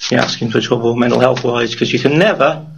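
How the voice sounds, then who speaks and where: A middle-aged man, born in Wales and raised in Birmingham, speaks quickly in a medium-pitched, gravelly voice with a breathy edge, his accent a mix of Birmingham, Geordie and Welsh. In an interview he rambles through his life story, often ending on tag questions. The recording quality is low.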